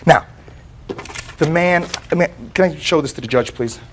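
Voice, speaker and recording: An American man testifying as plaintiff in a TV courtroom, telling his story in an animated way, acting out quotes and repeating words as he goes. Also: on the high side, moderate pace, slight background noise.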